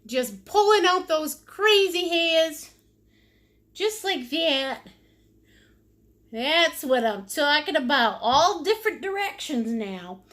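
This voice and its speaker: A woman's voice: high voice, animated, slow pace, fairly bright tone. A woman teaching a painting lesson on a live stream. She is silly and giggly, plays with made-up words, and answers viewers' comments as she paints. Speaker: painting instructor.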